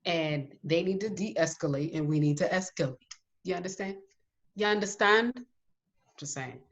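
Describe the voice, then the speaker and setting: A woman with a notably low voice co-hosting a casual podcast. She talks emphatically and cuts in with firm opinions. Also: normal speed, muffled recording. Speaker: podcast co-host.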